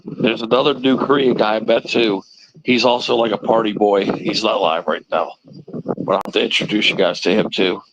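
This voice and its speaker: A man's voice: lowish voice, fairly even intonation, normal speed, highs cut off, a little hiss or hum. A man hosting a casual livestream chat, rambling and teasing with a chuckle. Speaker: livestream host.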